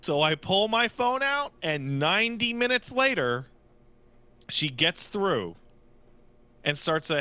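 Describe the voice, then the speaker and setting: A man with a fairly high, bright voice tells a comic rant on a podcast, sounding exasperated as he acts out the clerks he argued with. The sound is close and dry, with no room around it. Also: sing-song, takes it slowly, pauses often, clean tone, dry recording. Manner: exasperated, acts out other people's lines. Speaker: podcast co-host. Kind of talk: comedic storytelling rant. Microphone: studio podcast mic.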